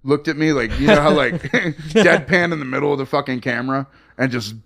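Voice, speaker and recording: Bright-voiced man telling profane comic stories. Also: medium pitch, a little fast, vocal fry. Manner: profane, animated, acts out quoted voices. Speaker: podcast guest, stand-up comedian. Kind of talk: casual comic storytelling.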